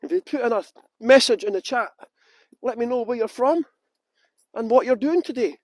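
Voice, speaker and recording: A man's voice: extremely high pitch, moderate pace, dry recording. A man chatting through a live-streamed walking tour outdoors, joking and greeting viewers by name. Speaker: tour guide. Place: outdoors at a historic cottage.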